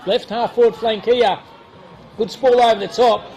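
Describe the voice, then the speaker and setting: High-voiced, jokey Australian commentator, a man. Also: steady tone, normal speed, dark tone, highs cut off, a little hiss or hum. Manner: jokey, chatty banter between calls. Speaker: football commentator. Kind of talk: live local football commentary. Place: outdoors at a football ground.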